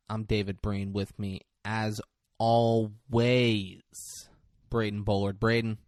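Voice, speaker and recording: A man's voice: on the low side, no room sound, studio quality. A young man hosting a podcast in loose, joking banter, swearing freely. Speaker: podcast host.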